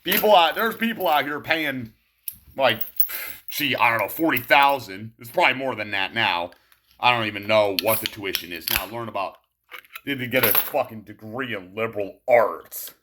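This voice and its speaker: A man's voice: medium pitch, lively intonation, normal speed, noisy background. A man delivering a profane, sarcastic ranting monologue to his viewers. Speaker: vlogger.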